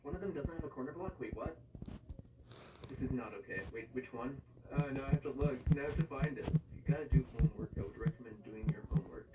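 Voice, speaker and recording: A man's voice: medium pitch, fast, recorded from a distance, heavy background noise. A man chatting casually as he edits a video, rambling and correcting himself and humming to himself. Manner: rambling and self-correcting, hums and sings to himself. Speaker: YouTube creator editing a video. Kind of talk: casual running commentary.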